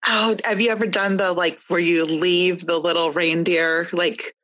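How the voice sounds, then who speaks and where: A woman's voice: lowish voice, steady tone, unhurried, fairly bright tone. A woman in casual chat who rambles and halts, with many fillers.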